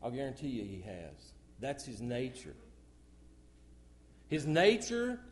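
A middle-aged man preaching a sermon in church, swinging from loud outbursts to hushed, low asides.

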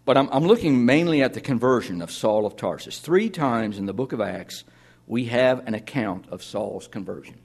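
A man's voice: medium pitch, animated, moderate pace, gravelly, a little mellow. A man preaching a sermon to his congregation in a conversational way, with sudden drops to near-whispers. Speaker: pastor.

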